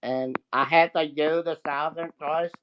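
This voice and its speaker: A man's voice: fairly high pitch, fairly even intonation, measured pace, lo-fi sound, slight background noise. A man from the Southeast, chatting casually and joking as a guest on a live stream over a remote call. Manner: joking, laughs often. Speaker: guest debater.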